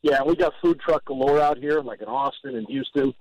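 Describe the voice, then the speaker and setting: A man's voice: medium pitch, a little fast, dry recording, rough recording. A man from Southern California talking as a guest on a sports radio show, rambling and joking with exaggerated stories and stammered restarts. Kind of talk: casual sports radio banter.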